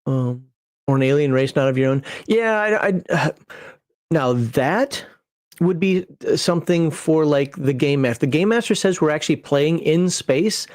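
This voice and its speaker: Male streamer and game master, casual rambling talk, a bit higher pitched, dry close sound. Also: lively intonation, normal speed, dry recording. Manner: rambling and digressive, chuckling at himself. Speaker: game master and channel host. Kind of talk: casual livestream chat building a character.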